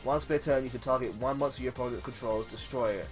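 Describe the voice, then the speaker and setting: Excitable man streaming a card game. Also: mid-range voice, fast talker, soft background music. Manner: excitable, reads card text aloud. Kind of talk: casual live-stream commentary.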